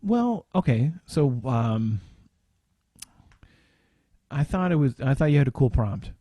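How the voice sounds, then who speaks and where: Man, mid-pitched mellow voice, hesitant with lots of ums, dry recording, casual podcast. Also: expressive, slow pace, no room sound. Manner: hesitant, searching for words with many ums. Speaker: podcast co-host.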